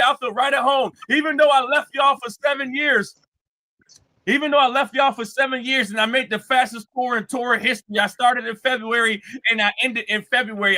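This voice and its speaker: A man's voice: extremely high pitch, sharp tone, voice pushed up, exaggerated voice, poor audio. A man putting on a mocking impression of a boastful rap star who gushes over every city. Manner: gushing, over-the-top praise of every city.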